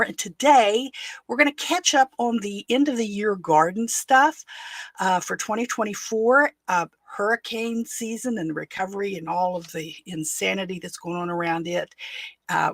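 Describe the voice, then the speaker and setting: A woman's voice: medium pitch, vocal fry, a bit bright, no echo. A woman host from West Virginia with a West Virginian accent, chatting casually on a live stream and rambling with many fillers and restarts. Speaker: podcast host. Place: home.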